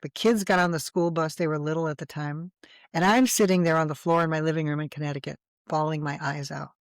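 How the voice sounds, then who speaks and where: A woman guest in an interview, telling her personal story in a lively, animated way. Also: deep voice, quick pace, no room sound.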